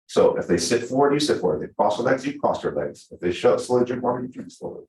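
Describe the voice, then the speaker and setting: A man teaching real estate agents at a team meeting, talking fast and acting out his examples. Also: mid-range voice. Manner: energetic, fast, full of acted-out examples. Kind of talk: live team training class. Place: meeting room with a small audience. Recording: echoey room.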